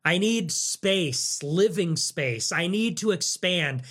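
A man's voice: high voice, animated, slow pace, fairly bright tone. A young man hosting a podcast, talking in a casual, profane and ironic ramble about his life. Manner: profane, ironic and rambling, with mock voices for quoted people. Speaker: podcast host.

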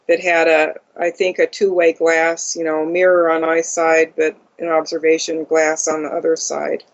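Flat halting speaker, dull lo-fi audio. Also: medium pitch. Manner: halting, many ums and uhs, flat monotone delivery. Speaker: interview guest. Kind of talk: first-person account in conversation.

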